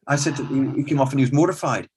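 A middle-aged man, a stand-up comedian and club owner, telling animated anecdotes in an interview and acting out the conversations he recalls. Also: mid-range voice, rapid-fire, slight background noise. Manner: animated storyteller, acts out quoted exchanges.

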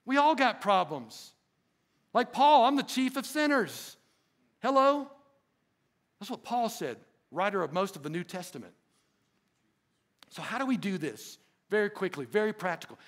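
Gravelly-voiced high-pitched male pastor preaching. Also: animated, measured pace, pauses often, a bit bright. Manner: emphatic preaching with call-and-response asides. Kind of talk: sermon. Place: church sanctuary.

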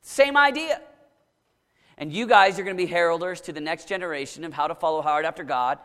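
A man preaching a sermon to a young crowd, dramatic, swinging from shouts down to low, intense murmurs. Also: brisk, long reverb tail.

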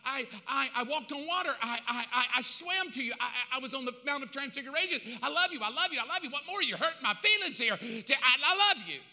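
A man's voice: very high voice, expressive, fairly quick, creaky, few pauses, bright, forceful tone, in a large hall, pitched above the performer's own voice, full character voice. A man voicing an apostle who stammers and repeats himself as he insists on his love. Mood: pleading. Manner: pleading, stammering and repetitive.

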